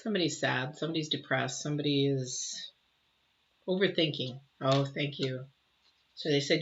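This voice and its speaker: A middle-aged woman giving a live intuitive tarot reading, emotional and exclamatory, moving between loud bursts and soft murmurs. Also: extremely low pitch, normal speed. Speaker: tarot reader. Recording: slightly dull, faint noise.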